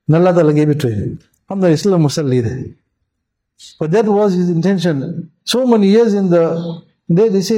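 A man's voice: high voice, fairly quick, long pauses, dark tone, rough recording. A man preaching a sermon as a mufti, urging his listeners with passionate, repetitive exhortation.

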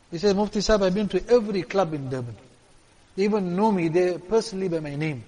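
A man delivers a storytelling sermon in a fairly high voice. He repeats key lines and swings between loud appeals and hushed pleading. The sound carries a long reverb from a hall. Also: fairly quick, pauses often. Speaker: preacher.

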